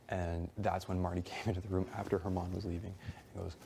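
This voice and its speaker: A man's voice: low-pitched, flat delivery, quick pace, vocal fry, mellow, a little hiss or hum. A young man in casual conversation, retelling events in a rambling, heated way, quoting others and swearing often. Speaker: reality show houseguest.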